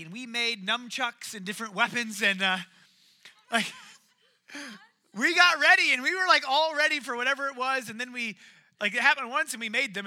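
A man's voice: high-pitched, pushed and bright. A man preaching a casual sermon, telling stories and acting out the quoted lines. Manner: storytelling, acts out quoted lines.

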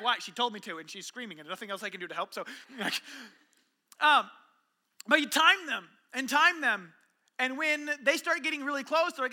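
A very high-pitched man preaches in a lively storytelling way. He acts out little dialogues, jumping from hushed lines to shouts. His tone is sharp and bright throughout. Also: normal speed. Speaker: pastor. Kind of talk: sermon.

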